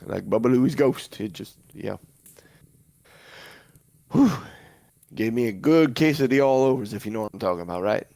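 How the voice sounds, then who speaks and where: A man's voice: medium pitch, lively intonation, moderate pace, creaky, pauses often, mellow, dry recording. A man voicing a big, grumpy male goliath logger who talks in a rambling, rustic backwoods way. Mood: spooked.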